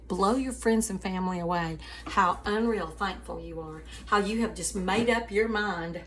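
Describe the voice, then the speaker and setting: A woman's voice: on the low side, a little hiss or hum. A woman host telling a story in a devotional chat, calling her listeners sweeties and family and often laughing.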